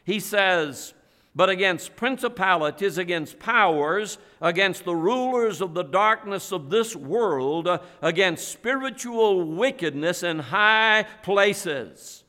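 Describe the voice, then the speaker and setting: Male pastor, high bright voice, emphatic sermon cadence, reverberant sanctuary. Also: expressive. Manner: slow, emphatic preaching with repeated phrases. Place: church sanctuary. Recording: long hall reverb.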